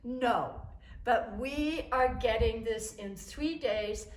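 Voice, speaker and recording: A woman's voice: on the high side, takes it slowly. A woman voicing a stubborn matter-of-fact dad. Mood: firm. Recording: echoey room, faint noise.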